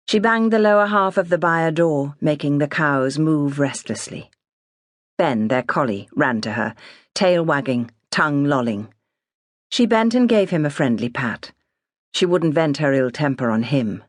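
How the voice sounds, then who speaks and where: A woman's voice: low-pitched, lively intonation, measured pace, dry recording. Woman reading a novel aloud, dry sound. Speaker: audiobook narrator. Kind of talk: scripted narration.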